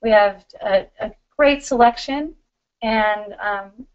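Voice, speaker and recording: A middle-aged woman hosting a live spiritual question-and-answer stream, talking in a warm, giggly, loving way. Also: on the high side, slow, clear, resonant tone, muffled recording.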